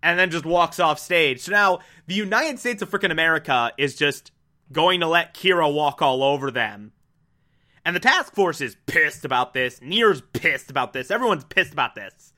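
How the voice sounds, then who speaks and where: A man casually recapping a story, with a bright, forceful voice pitched a bit high. He laughs often and drops sarcastic asides along the way. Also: expressive, moderate pace. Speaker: anime recap host.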